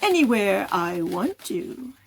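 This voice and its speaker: A woman voicing a proud fire-breathing dragon puppet in a lowered, drawn-out voice. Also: very animated, vocal fry, breathy edge, heavily acted. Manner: slow, lowered and grand.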